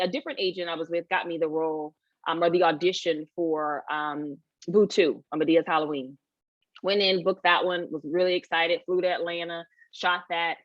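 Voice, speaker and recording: A woman actress in a casual interview, telling animated stories, acting out what people said and laughing often. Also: on the low side, no echo. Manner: animated storytelling, acts out quoted voices, laughs often. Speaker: actress, guest. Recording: dull lo-fi sound.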